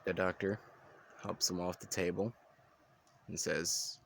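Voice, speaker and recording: A man with a very low voice narrates an improvised fan story casually. He rambles, restarts his sentences and drops in asides. A faint hiss sits under the recording. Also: level tone, unhurried, vocal fry.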